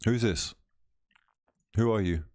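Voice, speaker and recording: A man's voice: on the low side, slow pace, darkish tone, dry recording, studio quality. A man hosting a casual football watch-along livestream, reading viewer comments aloud and teasing the chat. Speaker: livestream host.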